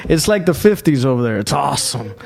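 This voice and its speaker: A man's voice: medium pitch, very animated, fast, creaky, a little mellow. A man telling crude, boastful stories in casual podcast chat, swearing heavily and drawing out his emphatic lines. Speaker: podcast co-host.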